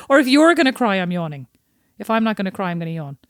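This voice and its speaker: A woman's voice: mid-range voice, no room sound, studio quality. Chatty woman co-hosting a podcast. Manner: chatty, animated storytelling with quick asides. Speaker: podcast co-host. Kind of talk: casual chat.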